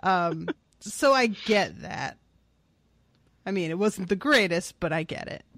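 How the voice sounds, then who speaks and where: A podcast co-host chatting casually about a book, animated and joking with playful asides. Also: mid-range voice, slow. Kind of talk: casual book discussion chat.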